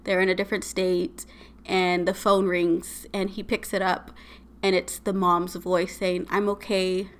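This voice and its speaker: A woman's voice: fairly low pitch, flat delivery, a little slow. A woman co-hosting a podcast, casually retelling eerie stories with lots of "like" and "right?". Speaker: podcast co-host. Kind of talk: casual storytelling chat.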